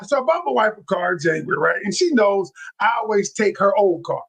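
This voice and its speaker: A man talking as a relationship coach in an interview, animated and excitable, with a casual way of speaking and frequent restarts. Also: high-pitched, fairly quick, gravelly, husky. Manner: colloquial, with many restarts. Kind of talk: interview guest.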